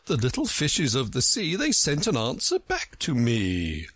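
A man's voice: huge pitch swings, unhurried, fairly bright tone, breathy edge, no room sound, full character voice. A man playing a huffy, proud storybook egg, pompous and sing-song. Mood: pompous reciting. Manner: pompous, lofty, reciting verse with high swoops. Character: proud touchy egg-shaped male storybook figure.

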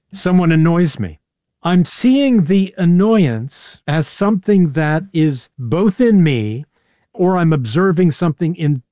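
Measured male podcast host. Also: on the high side, darkish tone. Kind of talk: interview and scripted narration.

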